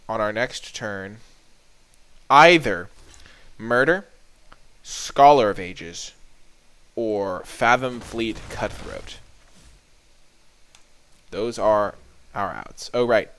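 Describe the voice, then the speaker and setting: A man commentating his own card game as he plays, talking aloud to the game and to his opponent. His voice is smooth and clear, and his delivery is leisurely. When a play goes against him, he turns melodramatic. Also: on the low side, slow pace, long pauses, fairly bright tone. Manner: melodramatic outbursts over bad luck; chatty, talks to the game and opponent. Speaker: card game video creator. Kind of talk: live gameplay commentary.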